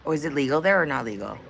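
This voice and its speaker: Woman streamer, low-pitched and animated, swears a lot, chatty. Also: vocal fry, slight background noise. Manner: profane, rambling, laughs a lot. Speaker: livestream host. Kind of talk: casual livestream chat.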